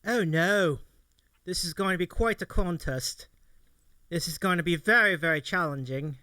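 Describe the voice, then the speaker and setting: A man's voice: high voice, moderate pace, pushed and bright, smooth, no room sound. A man hosting a casual interview chat, upbeat and self-mocking, laughing often. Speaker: talk show host.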